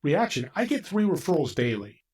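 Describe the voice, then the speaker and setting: A man with a husky, slightly raised voice chats casually as a podcast guest. He tells his stories with energy and acts out the other voices in them. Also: on the high side, moderate pace. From California. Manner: animated storyteller, acts out voices. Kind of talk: casual conversation.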